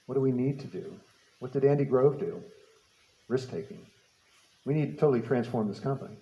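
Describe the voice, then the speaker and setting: A man's voice: mid-range voice, animated, fairly quick, gravelly, warm tone, echoey room, dull audio. A man giving a public talk, telling a personal story with repeated words and light laughter. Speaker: speaker. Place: talk venue.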